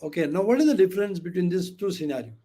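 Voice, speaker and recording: A webinar trainer speaks in a high, very fast voice over a video call microphone during an interactive online lecture. He keeps asking the audience questions, fills gaps with "okay" and "you know," and acts out quoted speech in lively voices.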